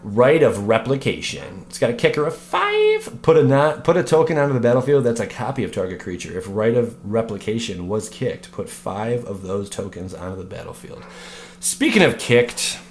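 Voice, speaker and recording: Male vlog host, home setup, animated ranter, lively pitch, swears a lot. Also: moderate pace, slight background noise. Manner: animated, swears freely, breaks off into joking rants. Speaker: card game video host. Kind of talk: casual card review vlog.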